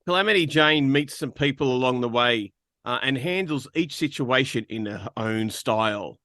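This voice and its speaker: A man recaps a film's plot in a casual podcast chat and slips in wry jokes. His voice is bright and forward. The sound is dry and close. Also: medium pitch, lively intonation, moderate pace, no echo. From Australia. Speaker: podcast co-host. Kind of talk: casual film review chat.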